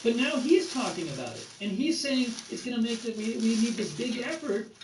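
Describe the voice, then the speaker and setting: A man's voice: extremely high pitch, very animated, a little fast. A man giving sarcastic reaction commentary, mocking by repeating short phrases over and over. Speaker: political commentator. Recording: echoey room, distant mic, noisy.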